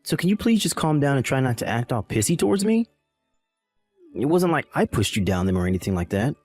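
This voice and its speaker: A man's voice: mid-range voice, sing-song, brisk, a little mellow, faint music behind. A man voicing a callous young husband in a text-message drama, talking in a dismissive, impatient way. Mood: scornful.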